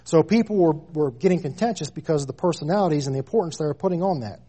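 A man's voice: a little high, lively intonation, very fast, mellow, slightly rough. A man in his thirties preaching a sermon, stressing key phrases with rising emphasis and repeating lines for weight. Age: 30s.

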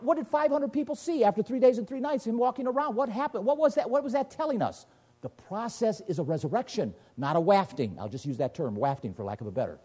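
Male preacher, high animated delivery, husky dark tone, emphatic and questioning. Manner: emphatic, rhetorical questions, sweeping pitch swings. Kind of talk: sermon.

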